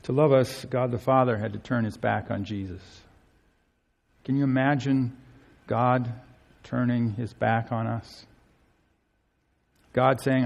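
A man preaching a sermon in an earnest, pleading way, swinging between soaring emphasis and hushed tenderness. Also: medium pitch, steady tone, slow, creaky, long pauses, dull audio.

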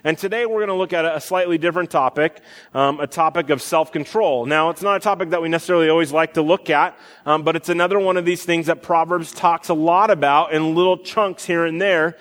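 A man's voice: on the high side, brisk, a bit bright. A young man in his twenties or thirties preaching a sermon, talking conversationally with fillers and restarts. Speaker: pastor. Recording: long hall reverb.

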